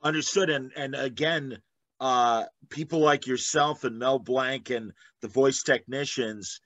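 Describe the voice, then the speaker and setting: A man's voice: medium pitch, steady tone, a little slow, a bit bright, no echo. Brief: male podcast host, brief affirmations, dry close sound. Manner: brief agreeing interjections. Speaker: interviewer host. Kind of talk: casual interview.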